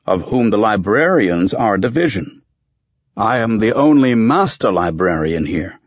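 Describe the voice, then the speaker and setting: An ancient master librarian, towering and solemn, intones every word slowly in a low, husky voice, as a male narrator gives him voice. The storybook reading is dry and slightly muffled. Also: no echo, exaggerated voice. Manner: slow, grave, intoning.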